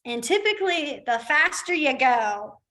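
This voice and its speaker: A sign language instructor teaches a beginners' class, her high voice sing-song, unhurried and sharp in tone. She keeps things casual and chatty, using everyday examples and laughing easily.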